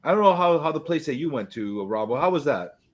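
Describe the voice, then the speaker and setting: A man's voice: on the high side, expressive, fast talker. New york guy chatting, blunt opinions, trips over his words a lot. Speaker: podcast co-host. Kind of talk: casual chat.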